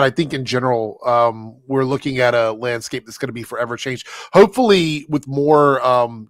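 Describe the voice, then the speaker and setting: Relaxed male podcast host, dry mic. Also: mid-range voice, no echo. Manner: relaxed, reads viewer messages aloud. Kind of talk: casual chat.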